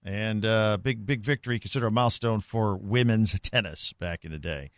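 A man hosting a sports radio show in casual banter, quick with sarcastic asides. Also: lowish voice, no echo, studio quality. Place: radio studio. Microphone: studio microphone.

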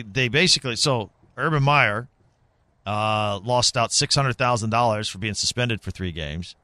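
A man hosting a sports radio show in casual banter, quick with sarcastic asides. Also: mid-range voice, sharp tone, no room sound. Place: radio studio. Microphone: studio microphone.

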